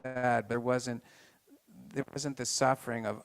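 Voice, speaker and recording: A man giving an informal health talk to a live group, halting with many restarts and turning to the audience with questions. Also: medium pitch, fairly even intonation.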